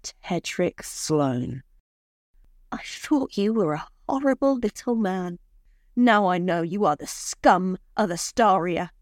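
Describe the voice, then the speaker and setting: A woman's voice: medium pitch, big pitch swings, unhurried, darkish tone, no room sound, clean studio sound, pitched above the performer's own voice. A woman voicing a young woman in love who turns furious, in a pleading, raised voice. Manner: pleading, then indignant.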